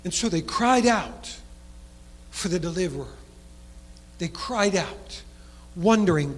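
A pastor preaches in a strikingly high voice, leaning into long cadenced phrases. He sinks low and quiet on key words, then surges faster. His voice rings out with a long church reverb around it. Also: animated. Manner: preaching cadence, drops low and soft for emphasis, then speeds up. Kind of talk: sermon.

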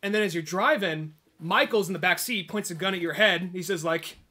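Animated, high-voiced young man. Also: brisk. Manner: animated storyteller, acts out game characters' lines. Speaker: podcast host. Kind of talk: casual chat.

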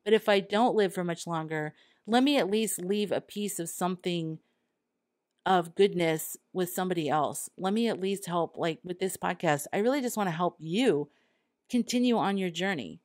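A woman's voice: fairly low pitch, normal speed, darkish tone, no room sound, clean studio sound. A woman hosting her own podcast, talking earnestly and candidly, sometimes acting out quoted thoughts. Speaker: podcast host. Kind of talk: solo podcast monologue.

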